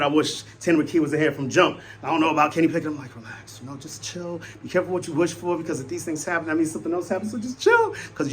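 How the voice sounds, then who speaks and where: A young man excitedly talking through a game as a fan vlogger, swinging between loud hype and low muttering. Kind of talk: postgame fan commentary.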